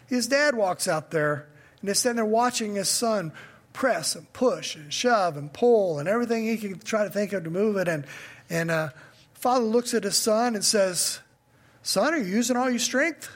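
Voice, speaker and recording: High-voiced man preaching a sermon. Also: lively intonation, moderate pace. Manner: conversational preaching, builds to emphatic questions. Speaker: pastor.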